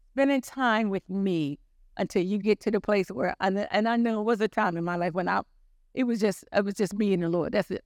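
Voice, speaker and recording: A woman's voice: medium pitch, no echo, clean studio sound. An older woman preaching a sermon, telling her own story in an earnest, repetitive way.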